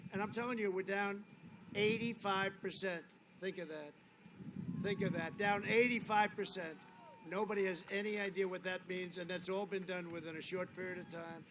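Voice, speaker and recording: A man giving a rambling, boastful campaign rally speech, repeating his lines often, on a podium microphone outdoors. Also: high voice. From United States. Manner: boastful, repetitive, rambling asides. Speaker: political candidate. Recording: noisy outdoor rally feed.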